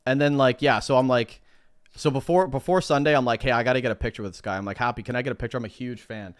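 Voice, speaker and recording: Fast-talking male podcast co-host. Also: mid-range voice, clean tone, no room sound, clean studio sound. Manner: animated storyteller, acts out both sides of conversations, swears freely. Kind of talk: casual podcast chat.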